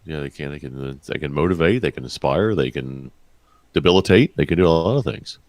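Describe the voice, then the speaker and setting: A man's voice: extremely low pitch, brisk, dry recording. A man being interviewed as a writer, speaking in short, to-the-point remarks in a casual chat. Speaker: guest writer.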